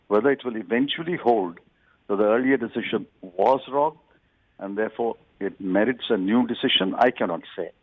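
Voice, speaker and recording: An older man, a political guest, giving deliberate, lawyerly interview answers and stressing key words. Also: on the low side, no room sound. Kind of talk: measured televised interview answers. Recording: tinny phone-like line.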